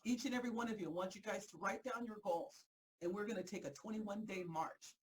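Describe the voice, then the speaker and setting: A fired-up woman leads a motivational group session in a voice of ordinary middle pitch. She talks in an energetic, emphatic way, hammering points home by repeating them, and laughs readily as she goes. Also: low-quality recording. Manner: quick to break into laughter. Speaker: host and motivational coach.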